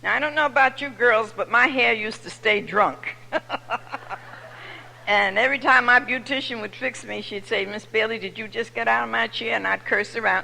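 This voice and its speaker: An older woman with a New York accent gives a lively, humorous testimony to a crowd of listeners. Her voice is gravelly and bright. The sound is an echoey recording from a large hall. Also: medium pitch. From New York City. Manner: lively storyteller, preachy and humorous. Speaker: recovery meeting speaker. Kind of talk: personal testimony to an audience.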